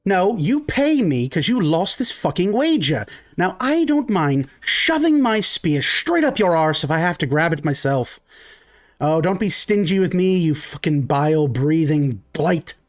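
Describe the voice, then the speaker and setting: A man's voice: a little high, measured pace, a little mellow, natural voice. A man voicing a tiny, greedy pixie priestess who swindles people with pompous, foul-mouthed talk. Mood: scolding.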